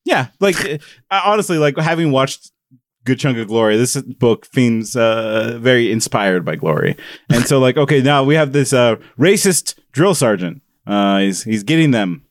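Male podcast co-host, mid-pitched, rambling delivery, dry close recording. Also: animated, normal speed, no room sound. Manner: rambling, many fillers, summarizes the plot. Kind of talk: casual book discussion.

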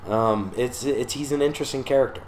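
A man from Charleston, South Carolina, tells a rambling story in a loose, conversational way. His voice sits at an ordinary middle pitch. Now and then he drops into voices to act out the people he describes. A light hiss runs faintly underneath. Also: fairly quick, a little mellow. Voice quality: swears freely, acts out quoted lines in voices. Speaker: guest recounting his rehab stay. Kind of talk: casual storytelling chat.

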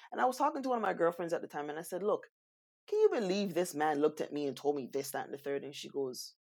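A woman co-hosting a casual talk, telling stories in an animated way and acting out what people said. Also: fairly low pitch, quick pace. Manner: animated storyteller, acts out quotes. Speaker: co-host. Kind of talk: casual chat.

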